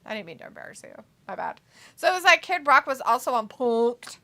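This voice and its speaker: A woman's voice: fairly high pitch, big pitch swings, brisk, creaky, bright, forceful tone. A woman co-hosting a live wrestling watch-along stream, reading viewer comments aloud and teasing with frequent laughter. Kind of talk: casual live-stream chat.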